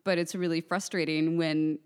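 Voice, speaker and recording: Woman podcast co-host, lowish voice, playful and frank in casual banter. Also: flat delivery, moderate pace, a little mellow, smooth. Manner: playful, giggly, talks openly and candidly. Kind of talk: casual chat.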